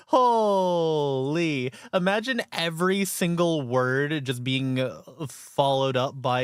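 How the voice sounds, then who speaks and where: A woman's voice: fairly low pitch, dry recording, studio quality. A woman streamer chatting casually while reacting to a clip, laughing often, swearing, and reading chat aloud.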